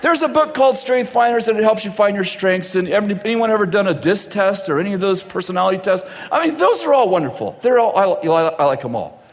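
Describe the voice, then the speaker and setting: Male preacher, high and very lively pitch, jokes and laughs through his sermon; large hall with a long reverb. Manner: jokey, laughs often, acts out dialogue in quick voices. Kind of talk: humorous sermon. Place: large church hall before a live audience. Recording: reverberant hall with faint audience and noise.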